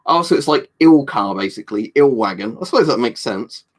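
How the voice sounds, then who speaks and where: A man's voice: medium pitch, animated, fairly quick. A man hosting a casual livestream, chatting loosely with his viewers. He rambles from point to point, swears freely and drops jokey asides as he answers comments. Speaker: livestream host.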